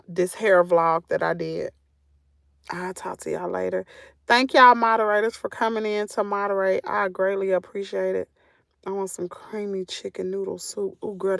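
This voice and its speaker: Gravelly Southern woman chatting on a livestream. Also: mid-range voice, no echo, clean studio sound. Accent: Southern American. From Southern United States. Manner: chatty, laughs often, animated exclamations. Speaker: channel host. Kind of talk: casual livestream chat reading comments. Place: in a parked vehicle.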